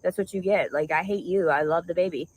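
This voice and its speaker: A woman's voice: fairly low pitch, a little fast, natural voice, rough recording. A woman putting on the voice of a contemptuous man who taunts her. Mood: taunting.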